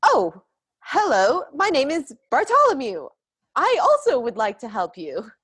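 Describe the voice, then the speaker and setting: An eager, nervous teenage messenger boy, as a woman game master puts him on in a tabletop game. He talks stiff and formal and stands at attention. His voice is raised and bright, set against a dry, close sound. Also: high voice, wildly swooping pitch, a little slow, no room sound, pitched above the performer's own voice, heavily acted.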